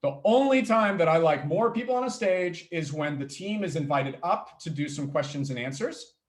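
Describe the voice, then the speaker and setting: A man coaching founders on pitching, talking fast and energetically, checking in constantly with "okay?" and "all right?". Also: expressive. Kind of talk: workshop talk on pitching.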